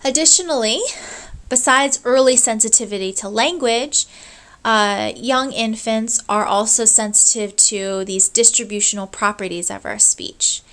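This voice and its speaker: A woman's voice: on the high side, unhurried, a bit bright, low-quality recording. A woman giving a recorded college lecture, walking through each point patiently. She often checks in with her listeners before moving on, and now and then says sounds aloud to show what she means. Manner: explanatory, checks in with "right?" and "okay?"; demonstrates baby sounds aloud.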